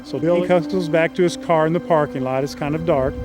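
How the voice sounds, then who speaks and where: A man's voice: on the high side, steady tone, fast, low-quality recording. Earnest man telling a story over music. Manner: folksy, earnest storyteller quoting characters plainly. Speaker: screenwriter telling his story. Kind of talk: storytelling synopsis.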